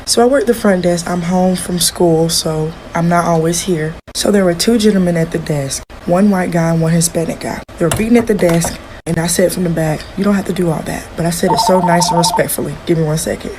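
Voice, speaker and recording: A woman's voice: lowish voice, a little fast, few pauses, background noise. Upset young woman venting at work. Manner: upset, emotional retelling. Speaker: hotel front desk worker. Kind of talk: venting to camera. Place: at work, hotel front desk.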